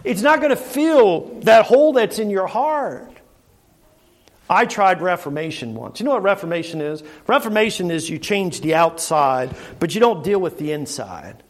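Speaking at a moderate pace with lively intonation, a middle-aged preacher delivers an earnest sermon in a strikingly high voice. He keeps posing rhetorical questions to his congregation, frequently restarting and repeating his phrases.

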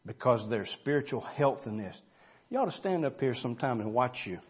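A pastor, preaching a folksy sermon that builds to loud, emphatic shouting. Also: male voice, medium pitch, lively intonation, fairly quick, breathy edge, highs cut off.

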